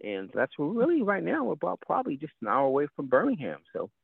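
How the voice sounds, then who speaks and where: A man's voice: on the high side, huge pitch swings, fast, gravelly, slightly rough, no room sound. A man co-hosting a casual interview, speaking with enthusiasm and repeating his praise. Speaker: co-host. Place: small town in the American South. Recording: tinny phone-line call.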